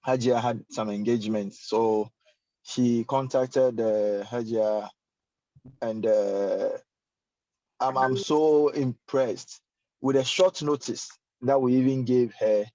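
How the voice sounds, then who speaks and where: A man's voice: mid-range voice, steady tone, slow pace, warm tone, no room sound. A man moderating a religious session, thanking the guest speaker in a hesitant way with many fillers. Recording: dull lo-fi sound.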